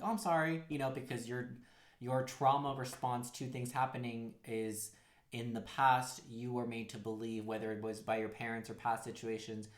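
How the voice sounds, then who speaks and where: A man's voice: medium pitch, reverberant. A man giving a casual, rambling tarot card reading, full of fillers and acted-out quotes. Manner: rambling, heavy use of "like", acts out quotes. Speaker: tarot reader.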